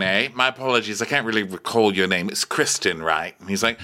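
A man co-hosting a comedy podcast, recapping a TV episode and acting out the characters in quick, silly voices. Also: lowish voice, sharp tone.

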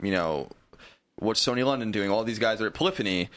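A man's voice: lowish voice, animated, quick pace, a bit bright. A man on a casual podcast, ranting animatedly with strong opinions. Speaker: podcast co-host. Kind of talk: casual chat.

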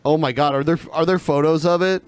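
A man hosting a podcast, firing quick, challenging retorts in casual banter. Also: a little high, steady tone, clear, resonant tone. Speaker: host.

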